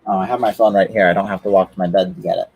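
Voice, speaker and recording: A man's voice: sits low, fairly even intonation, rapid-fire, gravelly, a little mellow, breathy edge, rough recording. A man chatting casually on a livestream, rambling with lots of fillers and restarts. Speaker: streamer.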